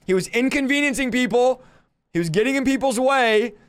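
A man with a high voice hosts a podcast in casual talk. He speaks emphatically and repeats his points to drive them home. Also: a little fast, fairly bright tone, smooth. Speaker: podcast host.

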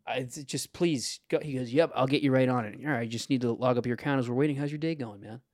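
A man's voice: mid-range voice, fast talker, a little mellow, no room sound, studio quality. A young man co-hosting a comedy podcast, telling a rambling story with restarts, profanity and bursts of laughter. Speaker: podcast co-host.

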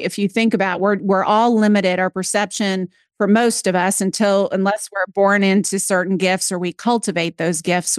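A woman's voice: mid-range voice, no room sound. A woman with a mid-range voice talks in an eager podcast conversation. She explains her points earnestly and keeps them moving. The recording is dry and close.

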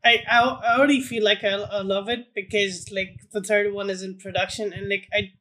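Co-host, middle pitch, eager and tripping over words. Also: moderate pace. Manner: excitable, swears, stumbling restarts. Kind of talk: casual film podcast chat.

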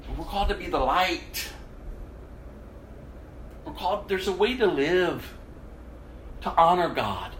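A man's voice: high-pitched, animated, a little slow, pauses often, a little hiss or hum. Impassioned man preaching in an echoey room. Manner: emotional, swings between hushed quoting and loud exclamation. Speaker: preacher giving testimony. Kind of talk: sermon testimony.

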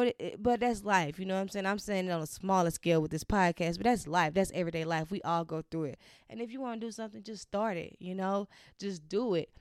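Young woman, podcast host, casual heartfelt chat, lots of fillers, very clear voice, dry sound. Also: lowish voice, no room sound. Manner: heartfelt, chatty, many fillers and restarts.

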